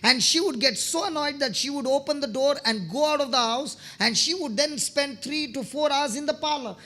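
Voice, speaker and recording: A man's voice: very high voice, moderate pace, sharp tone. A man preaching a sermon, telling testimony stories, often checking in with his listeners and repeating words as he starts phrases.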